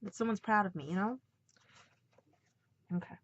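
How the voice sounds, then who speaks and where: A woman speaking in a heartfelt personal vlog, earnest and halting at times as she passes on a message. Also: medium pitch, highs cut off. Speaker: vlogger.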